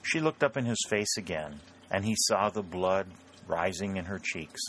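A man narrating an audiobook in a measured, steady way. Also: deep voice, a little hiss or hum.

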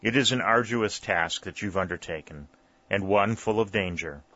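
A fatherly colonel speaks with earnest care to a young officer, as a man reads him. The voice is low and bright, close and dry, on a dull, lo-fi recording. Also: moderate pace, no room sound. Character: older colonel, fatherly and cautionary.

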